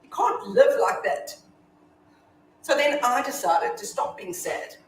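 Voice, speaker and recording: Woman doing a tough widow who swears a lot, bit high, echoey theatre from far off. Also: sing-song, slow, slight background noise, full character voice. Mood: defiant. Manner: confessional monologue, swinging from hushed to shouting. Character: defiant grieving widow, blunt and foul-mouthed. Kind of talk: staged play reading. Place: theatre stage.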